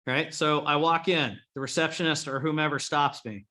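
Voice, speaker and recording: Speaking to a live group, a man coaches remodelers in a blunt, profane style, rallying them on. His voice is fairly high and bright, with fairly even intonation, a moderate pace and a forceful tone.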